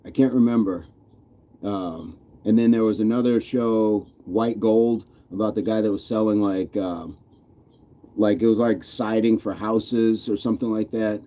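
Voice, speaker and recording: A man's voice: fairly low pitch, steady tone, unhurried, warm tone. An American man casually hosting a live stream, reading viewer comments aloud in a loose, playful way with frequent chuckles. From United States. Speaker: fitness channel host reading live chat.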